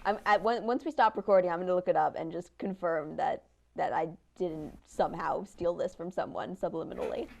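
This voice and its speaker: A woman in her twenties co-hosting a casual chat, talking in animated, rambling bursts with many restarts and laughs. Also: lowish voice, fairly quick, vocal fry. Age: 20s. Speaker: podcast co-host.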